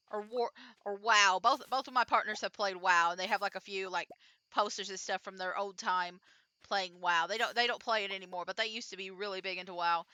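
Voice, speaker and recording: A woman's voice: medium pitch, bright, forceful tone, clean tone, dry recording. A woman streamer giving rambling, chatty let's-play commentary, full of "like" and restarts. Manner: rambling, chatty, with frequent fillers.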